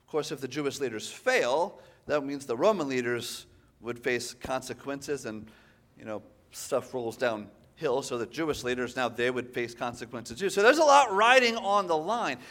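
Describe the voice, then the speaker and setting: A man preaching a sermon, animated and conversational, often tossing in "right?" to the congregation. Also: mid-range voice, moderate pace.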